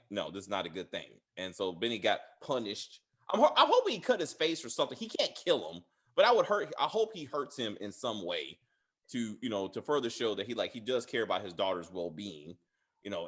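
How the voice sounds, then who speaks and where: A man talks casually as a podcast host, his pitch swinging up and down in a lively way. He rambles, stumbles over his words and fills gaps with lots of ums and uhs. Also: fairly quick, breathy edge. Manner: rambling, many fillers and restarts; laughs loudly and high. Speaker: podcast host reviewing a TV series. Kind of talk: casual chat.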